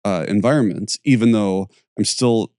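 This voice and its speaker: Chatty podcast host, dry close sound. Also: male voice, on the low side, normal speed, warm tone, smooth, no echo. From Pittsburgh area, USA. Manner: chatty, searching for words, laughs often. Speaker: podcast host and yoga teacher. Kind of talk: casual conversational podcast.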